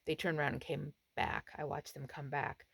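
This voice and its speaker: A woman's voice: deep voice, moderate pace, vocal fry, breathy edge, dry recording. A woman RV vlogger telling a story to the camera from inside her camper, acting out what was said. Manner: animated retelling, acts out quotes. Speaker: RV travel vlogger.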